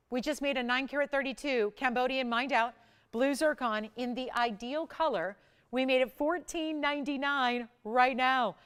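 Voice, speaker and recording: A woman's voice: on the high side, a bit bright, clear, resonant tone. Urgent woman jewelry-channel host. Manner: urgent, countdown-style price reveals. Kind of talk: live TV sales pitch.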